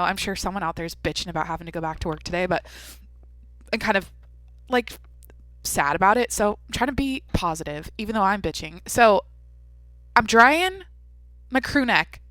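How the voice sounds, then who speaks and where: A young woman talks straight into a podcast microphone, hopping from one aside to the next and swearing freely. Her voice is bright and a little sharp. The sound is close and dry, with no room around it. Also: mid-range voice, dry recording. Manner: rambling, profane, self-interrupting storytelling. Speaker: podcast host. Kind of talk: solo podcast monologue.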